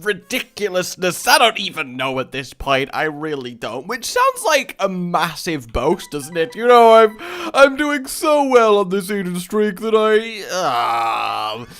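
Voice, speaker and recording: Young male let's play host, rambly and jokey, lively pitch that swings a lot, slightly high voice. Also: a little slow. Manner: rambling, jokey, easily sidetracked. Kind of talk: casual gameplay commentary.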